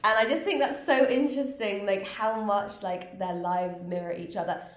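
A woman's voice: mid-range voice, moderate pace. Chatty woman podcaster, roomy sound. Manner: chatty, many fillers and restarts. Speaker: podcast co-host. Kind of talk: casual history podcast chat. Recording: roomy echo.

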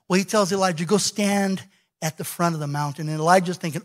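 A male pastor preaching a sermon, telling a scripture story in an animated way and acting out the quoted lines. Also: sits high, fast.

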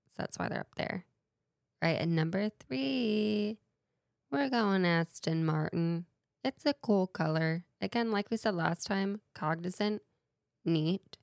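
A woman's voice: medium pitch, slow pace, vocal fry, a little mellow, no room sound, clean studio sound. A woman hosting a casual solo talk show with a playful, chatty way of wandering into tangents. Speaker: podcast host.

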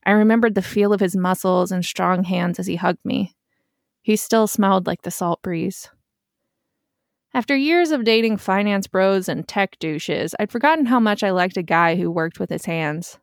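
A young woman host narrating a first-person story in a steady, plain manner. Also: medium pitch, moderate pace, vocal fry, no echo, studio quality.

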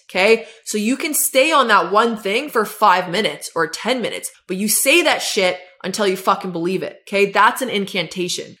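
A woman's voice: medium pitch, fairly bright tone. A young woman hosting a self-help podcast, talking bluntly and emphatically with lots of swearing, like a pep talk. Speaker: podcast host.

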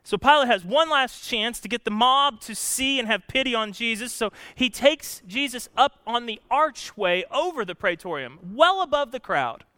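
A male pastor preaching a sermon, telling the story with drama and swinging from loud emphasis to hushed, somber lines. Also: extremely high pitch, lively intonation, normal speed, few pauses, no echo.

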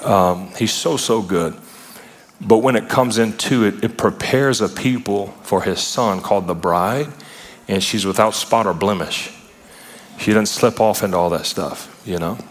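Unhurried and conversational, a low-voiced preacher works through his sermon, slipping into spirited asides and playful retellings. The large hall he's in sends long reverb trailing after his phrases.

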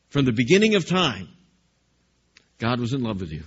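A man's voice: medium pitch, very animated, normal speed, husky, dull audio. A male pastor delivering a sermon, emphatic and repetitive, questioning the congregation.

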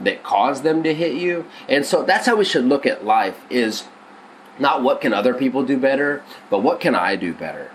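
A man's voice: mid-range voice, a little hiss or hum, rough recording. A male pastor teaching on a devotional podcast, earnest and conversational, often restarting his sentences.

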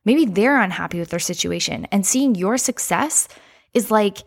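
A woman's voice: medium pitch, moderate pace, gravelly, husky. Chatty woman podcasting as a life coach. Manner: energetic, chatty, heavy use of "like", speaks straight to listeners. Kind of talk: casual podcast monologue.

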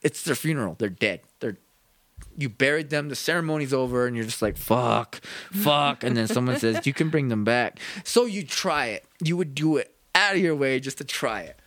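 A man's voice: medium pitch, expressive, normal speed, a bit bright, no room sound. A man co-hosting a casual podcast, telling stories animatedly and acting out scenes in quoted voices. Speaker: podcast co-host. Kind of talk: casual chat.

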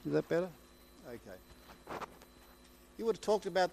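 Male preacher, sermon, high-pitched, warm mellow tone, excitable, restarts phrases, faint background hum. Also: moderate pace, gravelly. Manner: storytelling, retelling scripture conversationally.

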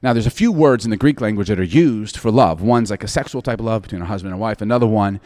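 A man's voice: on the low side, fast talker, a little mellow. A man in his forties, a pastor telling a funny, candid personal story in a sermon and often laughing. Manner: humorous, self-deprecating, candid.

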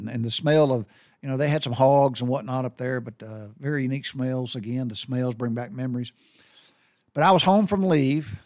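A man's voice: medium pitch, no room sound, studio quality. Middle-aged Southern man telling a heartfelt story. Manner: rambling and heartfelt, with many restarts. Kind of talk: personal storytelling.

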